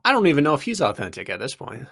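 A man's voice: medium pitch, huge pitch swings, racing, creaky, fairly bright tone, husky. A man hosting a running podcast and coaching his guest, talking in a chatty, upbeat way. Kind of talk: casual chat.

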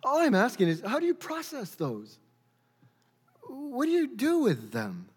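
A man's voice: very high-pitched, wildly swooping pitch, unhurried, darkish tone, husky. A man preaching a sermon in an earnest, questioning way, often stumbling and repeating words as he thinks aloud. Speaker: pastor. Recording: long reverb of a large hall.

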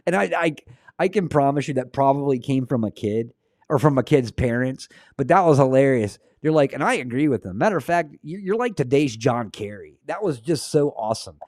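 A man's voice: mid-range voice, animated, fairly quick, a little mellow, dry recording, studio quality. A man hosting a Christian livestream, talking earnestly and then leading a prayer, often repeating words as he starts a sentence. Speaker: host of a Christian livestream show. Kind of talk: casual livestream commentary and prayer.

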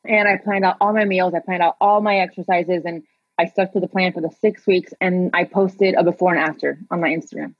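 A woman's voice: on the low side, steady tone, a little fast, husky, dry recording, dull audio. A woman in her thirties, a guest telling her life story in a chatty way, with frequent laughs and filler words. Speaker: interview guest. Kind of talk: personal storytelling in conversation.

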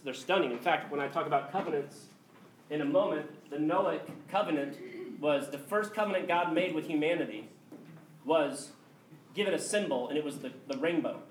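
A man preaching a sermon as pastor, animated and conversational, slipping in quick jokes. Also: a little high, slight background noise. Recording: echoey hall with faint ambience.

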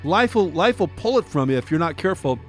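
Earnest man with a high voice. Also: lively intonation, fast talker, soft background music. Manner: earnest, preachy, rising to shouted rhetorical questions. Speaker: podcast host. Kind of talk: Christian devotional podcast monologue.

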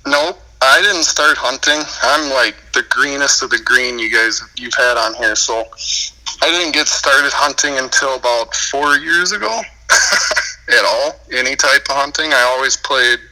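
A man's voice: mid-range voice, unhurried, sharp tone, rough recording. A man with a Minnesotan accent, a podcast guest telling his life story in easygoing casual chat, laughing often. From United States.

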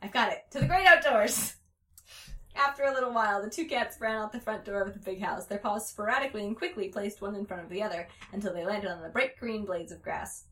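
A woman reading a story aloud in a playful, giggly way, pausing to chat. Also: medium pitch, a bit bright.

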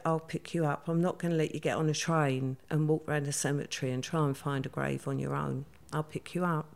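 A middle-aged woman, telling a past event in a vivid, hurried way and quoting others as she goes. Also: deep voice. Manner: vivid, hurried retelling with many quoted voices. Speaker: interviewee. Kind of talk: conversational storytelling.

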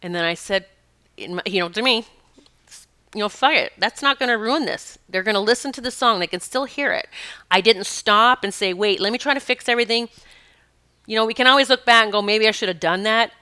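A woman's voice: mid-range voice, bright, forceful tone, clear, resonant tone, dry recording. A woman hosting a spiritual podcast, telling a story in a chatty way and laughing often. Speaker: podcast host. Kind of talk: casual spiritual podcast monologue.

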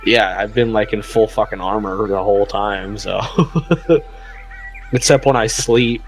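A man's voice: on the low side, steady tone, unhurried, faint music behind. A man playing a tabletop game, talking brashly and swearing freely in casual chat. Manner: brash, profane, laughing.

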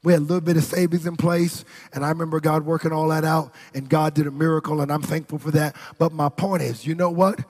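A man's voice: a little high, little pitch movement, fast talker, few pauses, a little mellow, in a large hall. A man preaching a sermon, telling a personal story in a conversational way and acting out what people said. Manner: conversational storytelling with quoted voices and asides. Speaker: pastor.

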